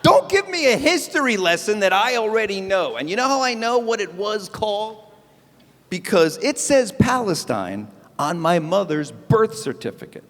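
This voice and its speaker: Wisecracking comedian with a lively, high voice. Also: male voice, moderate pace, big-room sound. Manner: animated, wisecracking, punchy delivery. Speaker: stand-up comedian hosting an event. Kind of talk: live stand-up comedy. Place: event stage before a live audience.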